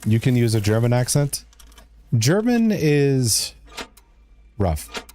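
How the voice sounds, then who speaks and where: A man's voice: medium pitch, sing-song, slow pace, darkish tone. A man streaming a video game live, chatting casually and joking in a rambling way as he answers his chat.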